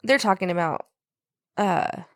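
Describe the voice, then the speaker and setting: A woman's voice: lowish voice, animated, measured pace, dry recording, clean studio sound. A woman co-hosting a casual podcast, bluntly recapping a film and swearing offhandedly. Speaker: podcast co-host. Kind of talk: casual film discussion chat.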